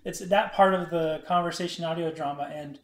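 Male co-host, slightly higher voice, soft-spoken and easygoing, roomy recording. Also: steady tone, fairly quick. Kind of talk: casual chat. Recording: echoey room.

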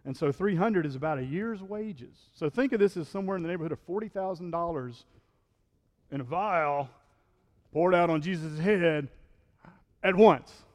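A male pastor preaching a sermon in a relaxed, conversational way, often checking in with the congregation and acting out the quotes he reads. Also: on the high side, normal speed, long reverb tail. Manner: conversational preaching, frequent "right?", acts out quotes.

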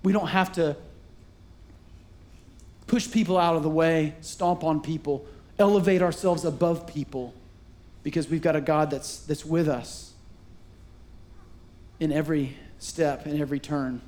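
A man's voice: on the high side, measured pace, pauses often. A middle-aged man preaching a sermon in a church, telling stories and acting out the voices of the people in them. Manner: animated storytelling with acted-out voices. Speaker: pastor. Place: church sanctuary.

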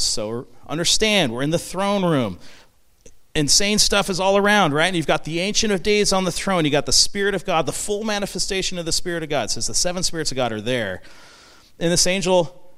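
A man preaching a sermon as pastor, reading scripture and explaining it with emphatic bursts and hushed, reflective stretches. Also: a little high, fairly quick. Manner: animated, emphatic, swings from loud proclamation to hushed reflection.

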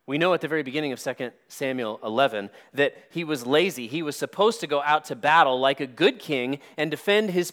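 A man preaching a sermon as a pastor, stressing words slowly and dropping his voice quietly at key points. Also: medium pitch.

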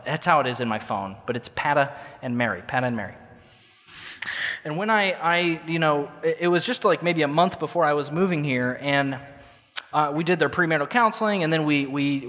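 A male pastor with a high, bright voice tells a story from the pulpit in an animated, self-mocking way, tripping over his own words. The long reverb of a large church hall trails behind each phrase. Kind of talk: storytelling sermon.

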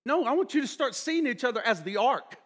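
A middle-aged male pastor preaching a sermon, swinging between loud emphatic passages and hushed near-whispers, drawing out key words for weight. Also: very high voice, sing-song, fairly quick.

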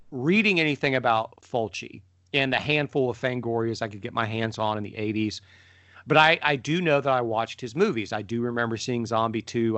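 A middle-aged man co-hosting a podcast, telling stories in a lively way and jumping up in pitch when he mimics people. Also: no echo. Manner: animated storyteller, mimics voices with sudden pitch jumps. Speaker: podcast co-host. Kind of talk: casual conversation.

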